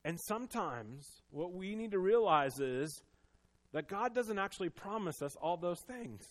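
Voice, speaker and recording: A man delivers a sermon in a voice pitched a little above the usual. He talks earnestly and personally, dropping to a hushed, confessional tone and then rising into firm, emphatic preaching. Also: very animated, unhurried. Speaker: pastor.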